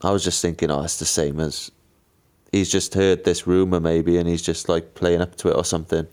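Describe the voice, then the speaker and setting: Low-voiced man telling stories. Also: little pitch movement, a little fast, darkish tone, clear, resonant tone. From Wales. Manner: chatty storytelling, lots of fillers and mimicked voices. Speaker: pro cyclist, podcast co-host. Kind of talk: casual chat.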